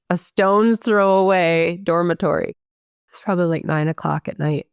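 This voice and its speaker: Low, clear and resonant, this voice comes from a woman in her thirties, originally from Michigan. She relates her own story in unguarded, conversational speech that's thick with fillers.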